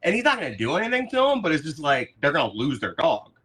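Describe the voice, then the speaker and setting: A man's voice: fairly high pitch, wildly swooping pitch, fast talker, crowd noise. A man co-hosting a casual sports chat over a video call, joking in an easygoing way. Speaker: co-host.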